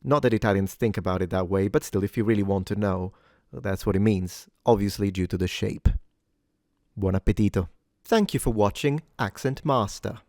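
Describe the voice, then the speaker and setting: A man hosting a pronunciation lesson, speaking clearly and deliberately, and slowing down to model each word. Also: on the low side, darkish tone, no echo, clean studio sound. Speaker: pronunciation teacher.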